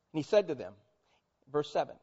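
A male pastor delivers a sermon in an animated, conversational way, tossing questions to his listeners. His voice sits fairly high for a man. The recording sounds dull and lo-fi. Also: creaky, breathy edge. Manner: animated, conversational, quizzes audience.

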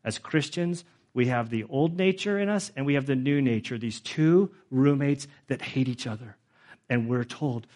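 A man's voice: medium pitch, normal speed, a little mellow. Conversational man preaching with many fillers. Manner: conversational, frequent fillers, grows emotional. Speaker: pastor. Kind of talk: sermon.

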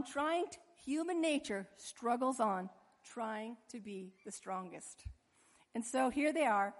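A woman preaching a sermon in an animated way, acting out the voices of the people in her story. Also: fairly high pitch. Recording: long hall reverb.

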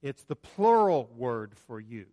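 A man preaching a sermon in a church, conversational, alternating loud emphasis with quiet asides and giving cues to the slide operator. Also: mid-range voice, big pitch swings, takes it slowly. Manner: directs the slide operator mid-talk. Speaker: pastor. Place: church sanctuary with a screen.

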